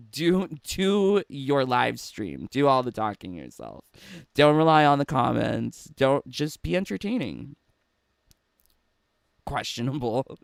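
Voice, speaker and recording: A man's voice: medium pitch, vocal fry, dry recording, studio quality. A man giving a casual, chatty commentary monologue as a gaming YouTuber, laughing between phrases and restarting often.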